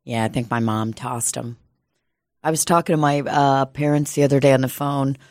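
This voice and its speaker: A woman co-hosting a casual comedy podcast, telling profane, animated stories and acting out the people in them. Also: very deep voice, moderate pace, no echo, clean studio sound. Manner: profane, animated storytelling with voiced quotes. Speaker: podcast co-host.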